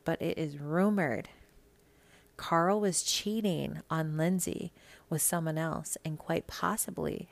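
A woman from Minnesota hosts her gossip podcast in a low voice with plenty of vocal fry. She is blunt and sassy and swears freely. Her talk runs as a loose, casual monologue. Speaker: podcast host.

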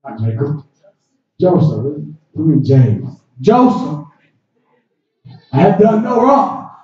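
Male preacher, high-voiced, slow and shouting, recorded from afar in a booming room. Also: big pitch swings. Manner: rising to shouts, acting out biblical characters. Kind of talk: sermon. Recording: roomy echo, distant mic, dull sound.

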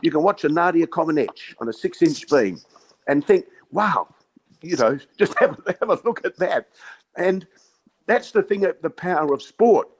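A raised-pitch Australian man in his sixties, telling stories in a loose, laughing way. He keeps calling people mate and wanders from one yarn to the next as a guest on a chat. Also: lively intonation, normal speed, poor audio. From Western Australia. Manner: yarning storyteller, laughs often, says "mate". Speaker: guest, former cricket captain. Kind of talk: casual chat.

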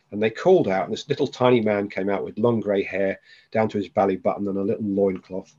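Husky man telling a story. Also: lowish voice, lo-fi sound. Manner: animated storyteller, acts out the voices he quotes. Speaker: podcast guest. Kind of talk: storytelling in a podcast interview.

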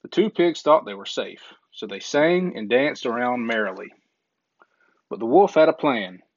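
A man reading a children's story aloud in a gentle, measured way, with small slips now and then. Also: mid-range voice, expressive, no echo. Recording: dull lo-fi recording.

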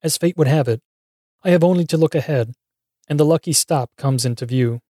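A man's voice: on the high side, brisk, mellow, dry recording, clean studio sound. A man narrating a first-person horror story in a wry, dramatic scripted style.

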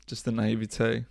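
A young man hosting a casual solo podcast, rambling and swearing with jokes, often coughing and clearing his throat into a close microphone. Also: medium pitch, no room sound. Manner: rambling, profane, jokey, drifts between loud bits and mumbling. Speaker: podcast host. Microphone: studio microphone up close.

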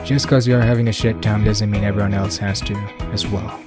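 A young man hosting a casual solo podcast, rambling and swearing, dropping to mumbles and then bursting out loud. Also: on the low side, flat delivery, a little fast, over music. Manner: rambling, profane, swings between mumbling and loud outbursts. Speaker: podcast host.

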